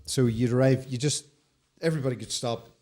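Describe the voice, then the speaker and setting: A man's voice: mid-range voice, steady tone, a little fast, darkish tone. A man from Northern Ireland with a Northern Irish accent, a podcast guest chatting casually and telling stories. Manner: storytelling, mimics other accents. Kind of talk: casual chat.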